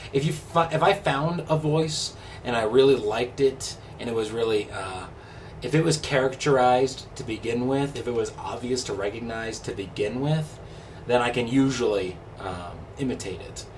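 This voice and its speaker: A man's voice: medium pitch, normal speed. A young man chatting in a rambling, easygoing, self-deprecating way as a vlogger. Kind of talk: casual chat. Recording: distant mic with faint background noise.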